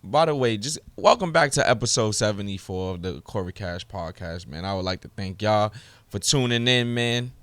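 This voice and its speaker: A man's voice: lowish voice, animated, moderate pace, no room sound. A man hosting his own podcast alone, ranting heatedly with lots of profanity. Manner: heated, profane, rising to shouts when ranting. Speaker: podcast host. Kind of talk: solo podcast rant.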